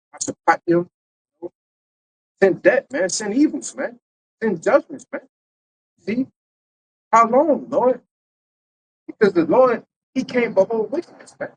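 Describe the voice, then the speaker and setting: A man's voice: high voice, background noise. A man teaching a Bible lesson in a loose, conversational preaching style, tagging his points with rhetorical questions. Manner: loose and conversational, tags lines with "man" and "right?".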